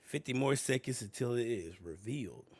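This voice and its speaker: A sick, congested man with a raspy voice, chatting casually with viewers while he waits for a live event to start. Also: medium pitch, expressive, normal speed, darkish tone. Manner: slangy, talks to viewers as y'all. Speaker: streamer reacting to a live event. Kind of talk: casual live-stream chat.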